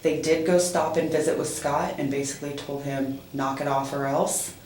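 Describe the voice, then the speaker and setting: A woman being interviewed as a mother, giving a halting personal account with many pauses and fillers. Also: low-pitched, fairly even intonation, darkish tone, echoey room, a little hiss or hum, poor audio.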